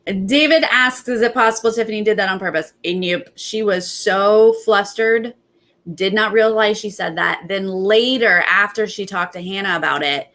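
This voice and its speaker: A young adult woman hosting a casual recap, retelling events in animated bursts and quoting others. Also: mid-range voice, normal speed. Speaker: host.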